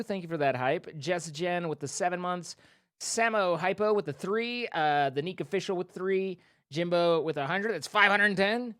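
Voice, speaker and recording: A man's voice: high-pitched, fairly bright tone, no echo, studio quality. A man streaming live, casually thanking viewers by name and making playful joking asides. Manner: reads out donor names, playful joking asides.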